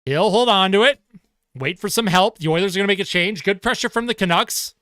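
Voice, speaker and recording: A man calling a hockey game live from his own setup, eager and ready to erupt on a big play. His voice sits high and sounds bright and crisp. The sound is close and dry. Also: brisk, no room sound. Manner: excitable, shouts on goals, laughs at himself. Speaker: fan play-by-play commentator.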